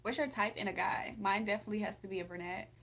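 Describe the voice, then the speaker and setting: A woman's voice: medium pitch, steady tone, fast talker, fairly bright tone. A young woman hosting a casual livestream from home, chatting, laughing often and reading comments aloud. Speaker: livestream host.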